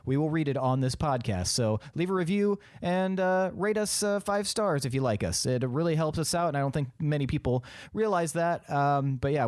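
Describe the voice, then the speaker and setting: Male podcast host and game master, slightly higher voice, rambling and joking, dry close mic. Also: a little mellow, no echo. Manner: rambling, filler-heavy, joking. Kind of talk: podcast outro and casual banter.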